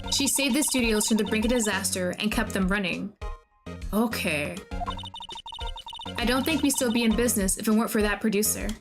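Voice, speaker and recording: A young woman streaming a game at her desk mic, chatty and thinking out loud, reading game lines aloud and reacting loudly with disgust. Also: medium pitch, a little fast, long pauses. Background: game background music.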